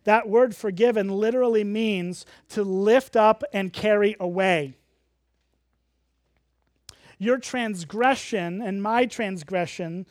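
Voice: mid-range voice, darkish tone, no echo, clean studio sound. A pastor preaching a sermon, earnest and emphatic, explaining the meaning of words as they teach.

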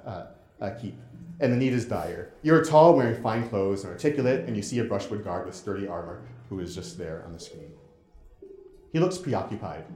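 A man giving a lecture and running an interactive game demo, talking in a halting way with many restarts. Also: on the low side, a little mellow, roomy sound. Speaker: presenter.

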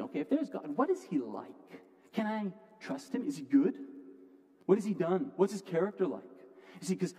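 A man preaching a sermon from the pulpit, earnest, often restarting words and moving between loud and quiet passages. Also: on the high side. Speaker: pastor. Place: church sanctuary. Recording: long hall reverb.

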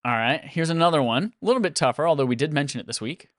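Seorang pria membawakan kuis dalam obrolan podcast santai, sering tertawa dengan gaya yang hidup. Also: male voice, a little high, fast talker, no room sound, studio quality. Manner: lively, laughs often, animated delivery. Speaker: podcast host. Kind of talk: casual podcast chat, running a quiz game.

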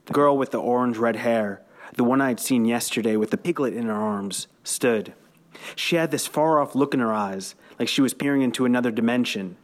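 A man's voice: medium pitch, brisk. Author narrating his own story, dry and wry. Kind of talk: reading his own fiction aloud.

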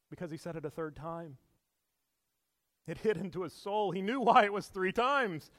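A man with a high voice preaches a sermon in a church, earnest and emphatic, dropping to a hush and then rising loud again. He stumbles and repeats words now and then, with small laughs in between. His voice rings out with a long echo through a large hall. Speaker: pastor. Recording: echoey hall with long reverb.

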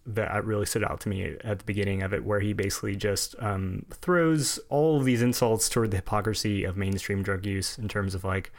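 A man's voice: lowish voice, fairly even intonation, a little fast, hardly any pauses. A man from the United States chatting casually about films as a podcast guest, rambling with many fillers and restarts. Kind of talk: casual film chat.

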